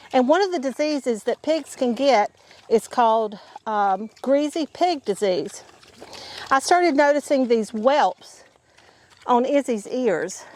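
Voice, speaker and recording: A woman's voice: high voice, a little mellow. A woman chatting casually outdoors on her homestead, folksy and talkative, calling her viewers y'all. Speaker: homesteading vlogger. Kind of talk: casual chat to camera.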